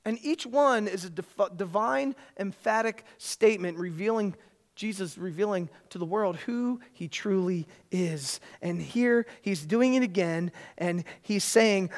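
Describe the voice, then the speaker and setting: A preacher delivering a sermon in a church service, emphatic and prone to repeating key phrases, swelling to loud excitement at the high points. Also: measured pace.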